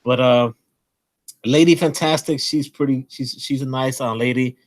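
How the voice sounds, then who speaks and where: A man hosting a comic collecting channel, enthusiastically and nervously rambling through shout-outs to small creators. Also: medium pitch, steady tone. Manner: admits to nerves, pauses to breathe. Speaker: host. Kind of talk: casual channel shout-out monologue.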